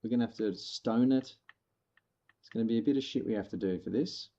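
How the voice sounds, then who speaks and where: Here the partly Americanized Australian streamer speaks in a mid-range, warm voice, a little quickly, with the highs cut off. He keeps up casual chat and musings as he plays, letting the occasional swear word slip.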